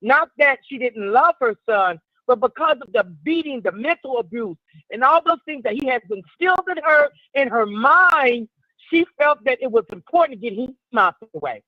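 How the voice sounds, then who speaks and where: A woman calling in to a radio show, sharing her opinion in a measured, reflective way. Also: high voice, expressive, no echo. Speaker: caller. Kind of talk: call-in radio commentary. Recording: dull call-in phone line.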